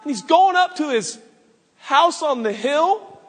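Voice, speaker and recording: A man voicing an indignant townsman, an adult male who shouts outraged questions. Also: very high-pitched, animated, takes it slowly, pitched above the performer's own voice, exaggerated voice. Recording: echoey hall reverb.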